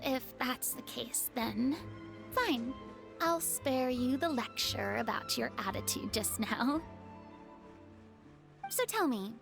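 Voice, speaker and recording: A proud, theatrical young goddess who has lost her throne in a video game. Her high voice carries a gravelly edge. She talks in a haughty, dramatic way, over faint music. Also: heavily acted. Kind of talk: game dialogue.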